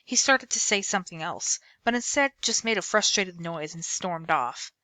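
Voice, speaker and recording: Bright-voiced woman reading a novel aloud. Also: fairly low pitch, normal speed, no room sound. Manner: expressive storybook reading. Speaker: book reader.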